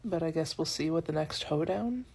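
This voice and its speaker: A speaker giving casual vlog commentary in a sarcastic, profane way with deadpan asides. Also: medium pitch, normal speed, creaky, husky.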